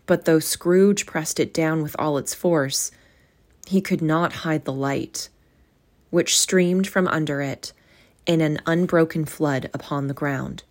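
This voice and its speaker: A woman with a notably low voice reads a classic novel aloud. Her delivery is measured and expressive, and she closes with casual, friendly chat to her listeners. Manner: measured, expressive reading, casual warm sign-off. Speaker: audiobook reader.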